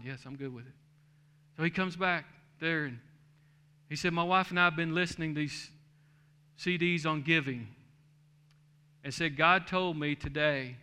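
A man's voice: fairly high pitch, bright, forceful tone, clean tone. A middle-aged man, a pastor, telling a story in a sermon and building to a fervent preaching cadence, in a church sanctuary.

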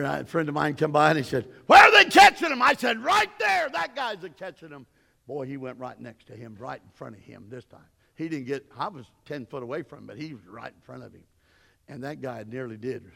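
A man preaching a sermon, telling stories, his voice swelling loud and high and then dropping low. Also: vocal fry, slightly rough, in a large hall. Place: church sanctuary.

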